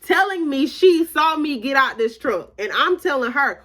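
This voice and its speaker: A young adult woman with a high, very animated, fairly bright voice tells her viewers a story in a slangy, casual storytime, often laughing as she goes. She talks at a moderate pace with few pauses, chatting away and calling her audience y'all.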